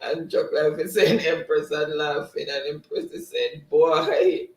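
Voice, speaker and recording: A man's voice: on the high side, wildly swooping pitch, normal speed. A man hosting a live stream in casual chat, reading out viewer comments and often laughing. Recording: roomy, distant mic.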